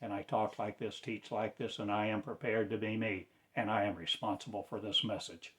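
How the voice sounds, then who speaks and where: A man preaching in a slow, declamatory way, with sudden loud rises in his voice. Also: fairly low pitch, steady tone. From United States. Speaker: self-styled spiritual teacher. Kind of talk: impassioned preaching.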